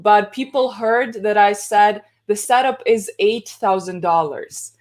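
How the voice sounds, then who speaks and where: A woman's voice: mid-range voice, measured pace, a little mellow. A woman with a Ukrainian accent, a photographer chatting casually on a live stream over a video call, laughing often. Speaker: guest photographer. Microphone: video call, later gaming headset.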